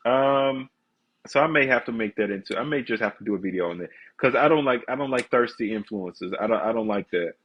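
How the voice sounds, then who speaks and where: A man's voice: mid-range voice, brisk, lo-fi sound. A man with a congested voice, chatting candidly and ranting to viewers on a casual live stream.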